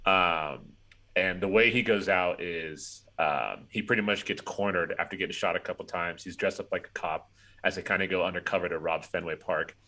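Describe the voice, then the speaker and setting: A man with a very low, deep voice recaps a film scene in loose casual chat. He rambles and fills his sentences with "like" as he goes. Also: normal speed, pushed and bright. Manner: rambling, heavy on "like" fillers.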